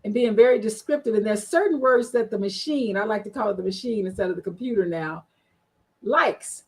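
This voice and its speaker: Chatty woman with a husky voice. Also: medium pitch, fairly quick, poor audio. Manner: chatty, frank, many fillers, animated quoting. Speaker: guest, marketing strategist. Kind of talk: casual storytelling on a panel show.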